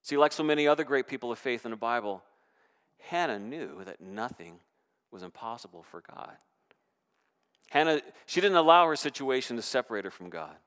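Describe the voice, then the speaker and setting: A man's voice: medium pitch, a little fast, smooth. Man preaching a sermon in a reverberant church. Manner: animated preaching with rising and falling emphasis. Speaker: pastor. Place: church sanctuary.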